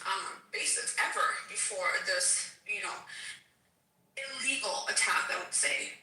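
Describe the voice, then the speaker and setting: Woman debater, insistent and clipped, bright tone, roomy far-off call sound. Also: a little high. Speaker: debate panelist. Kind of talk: heated online debate. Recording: echoey, distant online call audio.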